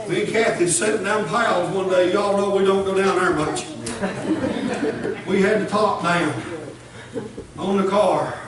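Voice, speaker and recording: Man, fervent Baptist preacher, folksy, shouting at peaks, distant mic, congregation audible. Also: high voice. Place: church sanctuary. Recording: echoey church, distant mic. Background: congregation responding.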